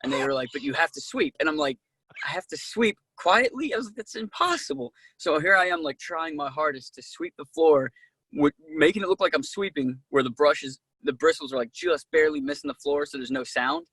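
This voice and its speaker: A man being interviewed as an actor, telling casual, animated stories and acting out what people said, with many fillers. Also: a little high, a little fast, vocal fry, breathy edge, no room sound. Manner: animated, acts out quoted dialogue, many "like"s. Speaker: actor guest.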